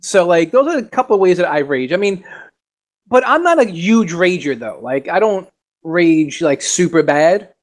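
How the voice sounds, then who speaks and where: A man's voice: high voice, expressive, moderate pace. A man on a casual podcast describing how he rages at games, chuckling as he acts out his own outbursts. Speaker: podcast co-host.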